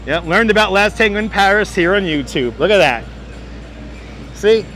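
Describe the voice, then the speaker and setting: A man with a high, expressive, slightly bright voice hosts a walking-tour livestream at normal speed, joking casually with viewers and laughing often. He's outdoors on city streets with a wireless clip-on mic, and faint street noise and faint music can be heard.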